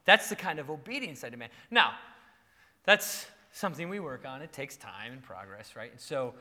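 A man's voice: mid-range voice, normal speed, in a large hall. A male pastor preaching, telling playful stories with frequent laughter. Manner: animated, playful storytelling. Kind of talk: sermon.

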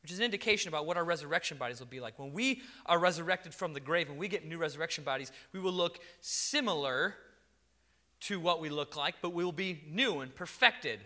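High, bright-voiced animated preacher man. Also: fairly quick. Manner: animated, conversational storytelling with acted quotes. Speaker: pastor. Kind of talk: sermon.

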